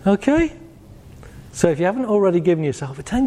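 A man's voice: high voice, fast talker. A man giving a jokey, conversational motivational talk to a live audience, acting out voices as he goes. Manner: animated, conversational, jokey, acts out quoted voices. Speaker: motivational speaker. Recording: long hall reverb.

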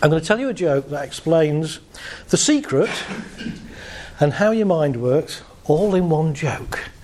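A man's voice: on the high side, measured pace, slight background noise. A man giving a playful live motivational talk to an audience, telling jokes and stories. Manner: playful, joking, animated storytelling. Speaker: motivational speaker.

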